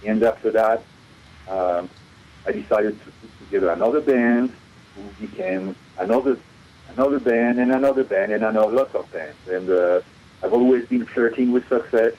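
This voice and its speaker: A man's voice: lowish voice, normal speed. A middle-aged man from France with a French accent, a guest musician talking in a casual radio interview, hesitant, with many fillers and restarts. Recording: dull lo-fi radio recording.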